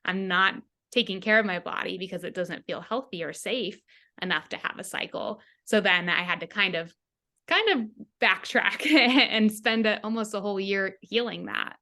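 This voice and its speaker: A woman health coach with a bright, clear-edged voice, speaking as a podcast guest. She is earnest and reflective, and she slips into quoting her own inner voice to make a point. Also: mid-range voice, normal speed. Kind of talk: casual interview chat.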